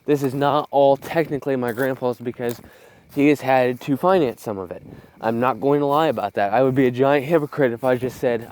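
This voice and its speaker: A man's voice: medium pitch, darkish tone. A young man filming a casual vlog outdoors on a phone while walking his farm fields, rambling bluntly with profanity and short of breath. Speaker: vlogger. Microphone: phone camera.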